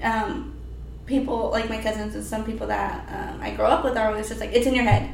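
A woman's voice: on the high side, fairly quick, creaky. A woman with a Hispanic family background, co-hosting a casual podcast chat, swearing freely and laughing as she tells her stories. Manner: profane, laughing, animated storytelling. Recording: echoey room with faint ambient noise.

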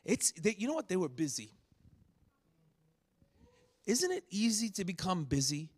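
A man preaching a sermon, teaching from scripture and acting out sharp rebukes with rising shouts. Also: high-pitched, big pitch swings, measured pace, breathy edge. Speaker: pastor.

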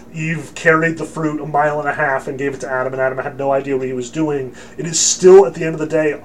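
A man's voice: a little high, slight background noise. A man lecturing on scripture in a casual, emphatic, joking way with frequent fillers. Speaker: religion lecturer.

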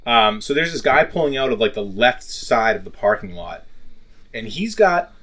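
A young man, a podcast guest, telling a story in casual chat, animated and full of swearing. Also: mid-range voice, normal speed.

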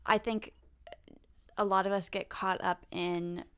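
A woman's voice: mid-range voice, steady tone, unhurried, a bit bright, clean tone. A young woman co-hosting a spiritual podcast, chatting casually with lots of fillers and the odd swear word. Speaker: podcast co-host. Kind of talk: casual chat.

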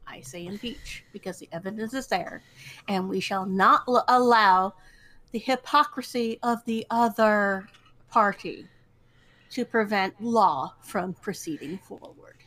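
A woman's voice: mid-range voice, animated, a little slow, a bit bright, rough recording. Playful mock-formal woman. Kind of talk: mock congressional speech.

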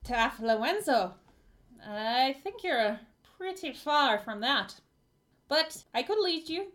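A woman's voice: high-pitched, lively intonation, slow pace, a bit bright. A woman narrating as game master of a tabletop game, often laughing and apologizing.

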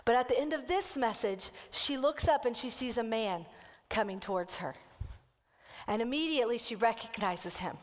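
A woman kids' pastor telling a story in a sermon and then leading the congregation through a slow, earnest breathing prayer. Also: fairly high pitch. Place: church sanctuary. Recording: church hall with long reverb.

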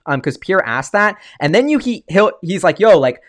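A man hosting a casual livestream, excitable and rambling, often restarting his sentences as he talks. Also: high voice, normal speed. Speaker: stock-market video host.

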